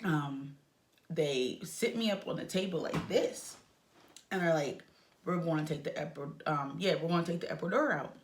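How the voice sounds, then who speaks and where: Lively young woman telling a story. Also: moderate pace, slight background noise. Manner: animated, emotional retelling with lively pitch swings. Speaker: vlogger telling a birth story. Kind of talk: casual storytelling.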